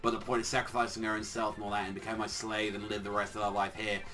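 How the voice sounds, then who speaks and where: A man's voice: on the low side, little pitch movement, fast, pushed and bright, far from the mic, pitched below the performer's own voice. A man putting on a scornful witch queen. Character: haughty queen of the witches, woman.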